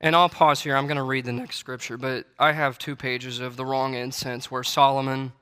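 This medium-pitched preacher speaks at normal speed in a level tone, his voice pushed, bright, clear, and resonant. He reads scripture in King James wording and preaches with growing intensity and emphatic repetition. The church sanctuary gives a long hall reverb.

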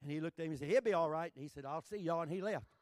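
An older man from Texas with a Texan accent, telling a folksy, joking sermon story that builds to shouting. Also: a little high, very fast, no echo. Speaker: preacher.

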